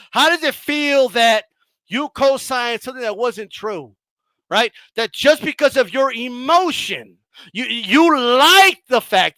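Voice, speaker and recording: A very high-pitched man who hosts a boxing channel and commentates gloats and mocks his critics in a heated rant, swearing often and sometimes shouting. The recording is dry.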